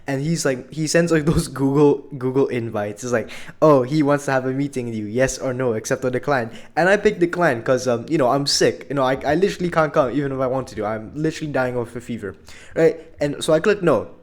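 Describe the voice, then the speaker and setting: Young male storyteller, quick and rambling, mid pitch, lots of filler words. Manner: rambling, filler-heavy, animated retelling. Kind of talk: casual storytime narration.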